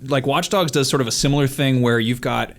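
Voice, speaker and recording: A man's voice: mid-range voice, a little fast, slight background noise. Laid-back podcast guy. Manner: laid-back, rambling, playful. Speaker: podcast co-host. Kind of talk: casual podcast chat.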